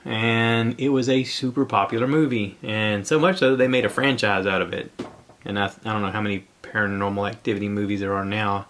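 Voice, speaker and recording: A man's voice: fairly low pitch, steady tone, fairly quick, a bit bright, a little hiss or hum. A man hosting his own podcast, talking alone in a rambling, conversational way and sounding a bit out of breath. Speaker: podcast host. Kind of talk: solo podcast monologue.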